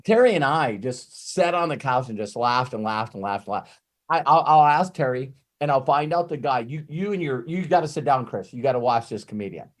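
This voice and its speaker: Here a man with a mid-range voice talks a little fast, delivering an off-the-cuff motivational speech as a network marketing trainer. He's animated and profane, wandering off topic and constantly interrupting and restarting himself.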